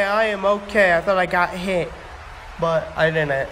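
A man giving breathless, excited play-by-play of a toy wrestling match, often shouting exclamations, in an echoey room. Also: high voice, a little slow. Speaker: play-by-play commentator. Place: home room with echo. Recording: echoey room, faint background hum.

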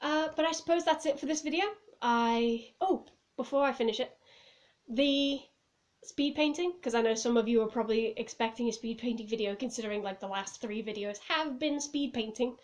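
Her voice is fairly high in pitch with a darkish tone, and she talks at a normal pace. She's at home vlogging to camera about a film, giggling, rambling and filling her speech with "like" and "I was just like." A phone or camera on a table captures her.

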